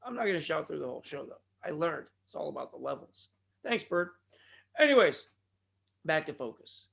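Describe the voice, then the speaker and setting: A man hosting his own podcast, rambling off on tangents with sudden loud outbursts, his throat bothering him today. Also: sits high. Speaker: podcast host. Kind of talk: rambling solo podcast talk.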